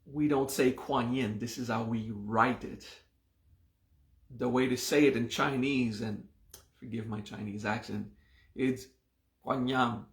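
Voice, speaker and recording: A male meditation teacher talks slowly, with a gravelly, creaky edge to his mid-pitched voice. He keeps checking in with his students as he explains. The sound carries an echoey, roomy reverb. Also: fairly even intonation. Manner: unhurried, often checks in with "okay?". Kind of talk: live class explaining a mantra and mudra.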